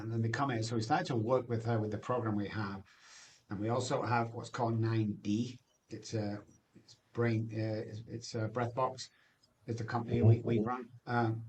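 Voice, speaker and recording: A man's voice: medium pitch, slight background noise. Man telling his story with force. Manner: animated storyteller, forceful, rhetorical questions. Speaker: guest. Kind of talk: podcast testimony.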